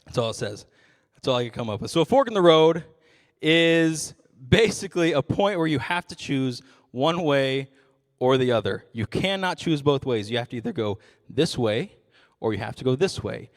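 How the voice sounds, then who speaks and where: A man's voice: mid-range voice, lively intonation, moderate pace, in a large hall. A young adult man giving a youth sermon as a ministry intern, casual and self-deprecating with frequent jokes.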